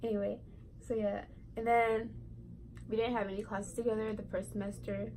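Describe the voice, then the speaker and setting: A woman's voice: mid-range voice, little pitch movement, normal speed, dark tone, a little hiss or hum, low-quality recording. A teenage girl vlogger telling a casual storytime, rambling and giggly, full of "like" and "right". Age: teens.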